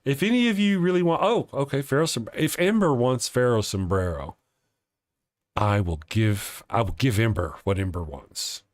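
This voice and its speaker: A man's voice: medium pitch, expressive, moderate pace, no echo. A man hosting a live stream in casual chat, rambling and chuckling as he reads viewer comments aloud. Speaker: live-stream show host.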